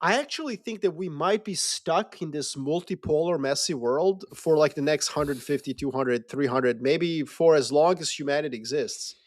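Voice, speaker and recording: A man talking politics in a loose, animated way, swearing freely and acting out quick mocking voices. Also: fairly high pitch. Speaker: podcast co-host. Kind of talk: casual geopolitical discussion.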